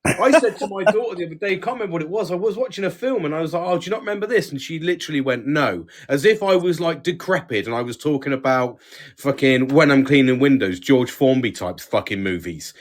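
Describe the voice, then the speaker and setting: Sweary dad, laddish banter. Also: male voice, fairly high pitch, fast talker. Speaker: podcast co-host. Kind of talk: casual chat.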